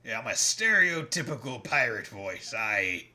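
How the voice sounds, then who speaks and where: Guy streaming a game, reads the text out and cracks jokes, bright voice. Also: medium pitch, big pitch swings, a little slow. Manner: laughing, joking, reading dialogue aloud. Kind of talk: reading game text aloud with jokey commentary.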